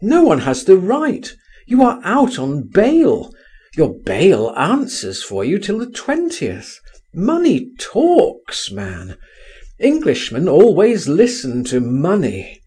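A man's voice: sits high, huge pitch swings, takes it slowly, dark tone, husky, voice pushed up, heavily acted. A man reading an audiobook, voicing an insistent man coaxing and pleading with a friend to flee. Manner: urgent, coaxing, exclaiming. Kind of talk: audiobook dialogue.

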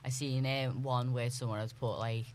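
A man's voice: mid-range voice, little pitch movement, moderate pace, slight background noise. A man in casual group chat, emphatic and peppering his talk with "like". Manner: emphatic, repeats "like".

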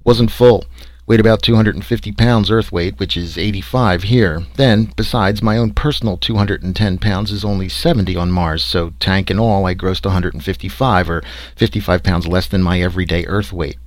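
A man's voice: low-pitched, fairly even intonation, normal speed, dry recording, natural voice. A man voicing a wry, sarcastic explorer recounting his trek. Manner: sarcastic, dry storytelling.

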